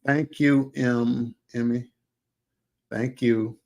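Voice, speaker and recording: Gravelly and mid-range, this man's voice carries a casual livestream chat. He's exclamatory and animated, humming at length between remarks and offering folksy asides.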